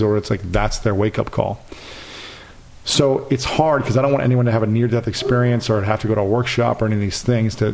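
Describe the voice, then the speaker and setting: Man in his thirties, podcast guest; low, gravelly voice, earnest and animated. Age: 30s. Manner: earnest, animated storytelling with acted quotes. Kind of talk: casual interview conversation.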